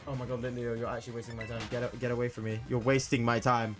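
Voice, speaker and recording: Young male streamer, slightly high voice, excitable, talks to chat and repeats himself, music playing underneath. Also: fast. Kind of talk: live-stream game commentary. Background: background music.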